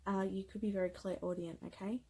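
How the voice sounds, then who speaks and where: Gentle woman giving a tarot reading. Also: mid-range voice, steady tone, a little fast, slightly rough, rough recording. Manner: gentle, affectionate, emotional, often adds "okay?". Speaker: tarot card reader. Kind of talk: pick-a-card tarot reading.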